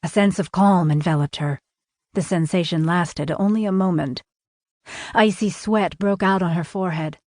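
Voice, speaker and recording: A woman reading a historical romance audiobook in measured, expressive storytelling narration. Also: on the low side, no room sound, clean studio sound.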